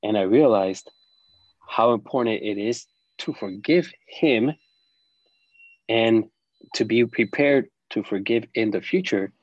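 A middle-aged man telling a personal story as an interview guest, reflective and halting, with frequent restarts. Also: on the low side, no room sound, muffled recording.

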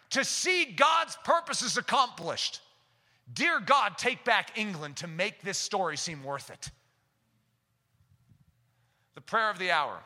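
A man preaching a sermon, his high, sharply bright voice ringing through a long hall reverb. He talks steadily and then climbs into impassioned, shouted prayer.

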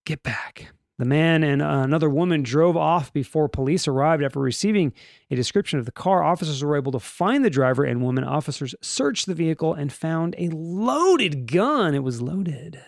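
A man's voice: fairly high pitch, animated, a little fast, creaky, no room sound, clean studio sound. A man hosting a casual news podcast, rambling and joking through the stories with restarts and mock voices. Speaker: podcast host.

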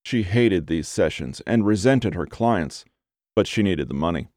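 A man reads an audiobook aloud in a steady, measured storytelling style, his voice sitting low. The scripted narration is recorded dry, with studio quality.

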